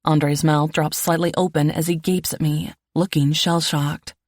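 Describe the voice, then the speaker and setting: A woman narrating a first-person romance audiobook in an even, low-key reading voice. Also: a little slow, dry recording, clean studio sound.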